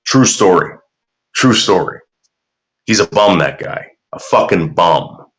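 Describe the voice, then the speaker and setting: Man streamer, loose and profane, rambling anecdotes, somewhat low, animated delivery. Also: takes it slowly. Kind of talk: casual chat reacting to viewer comments.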